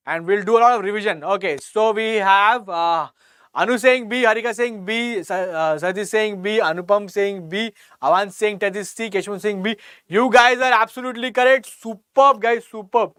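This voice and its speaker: A man's voice: high-pitched, normal speed, a bit bright, smooth, no echo. A man with an Indian English accent teaching a live online quiz class, encouraging students by name and repeating each question. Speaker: exam coaching teacher.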